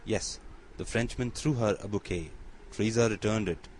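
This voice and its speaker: A man's voice: fairly low pitch, normal speed, darkish tone, a little hiss or hum, natural voice, low-quality recording. A man reading a deferential bandit messenger.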